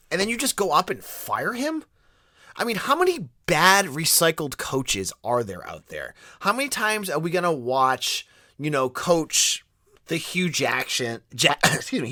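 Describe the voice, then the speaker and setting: A man with a Boston accent talks through sports news as a podcast host, his voice bright and forceful as it swings widely in pitch. He is opinionated and casual, often restarting his sentences. The recording is dry and close. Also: dry recording.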